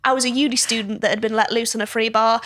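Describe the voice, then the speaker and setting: A woman in her twenties telling embarrassing stories in a casual chat, lively and self-mocking, often laughing. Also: fairly high pitch, quick pace. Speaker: podcast host.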